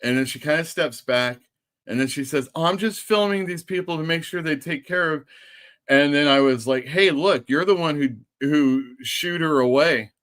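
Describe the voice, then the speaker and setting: A man's voice: a little high, normal speed, a bit bright. A man hosting a casual live stream, telling a story and acting out the people in it. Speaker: host.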